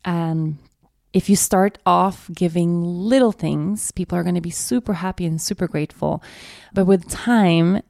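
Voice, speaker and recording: A woman's voice: lowish voice, a little slow, creaky, no room sound, clean studio sound. A woman in her thirties hosting a podcast, telling personal stories in a candid, reflective way with frequent laughs. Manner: candid, laughs often, warm storytelling. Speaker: podcast host.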